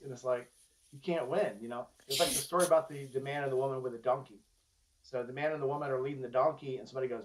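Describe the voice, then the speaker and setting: A man hosting an interview, chatty and quick to tell stories. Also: mid-range voice, fairly even intonation, rough recording. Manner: chatty storyteller. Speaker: interview host. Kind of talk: casual interview conversation.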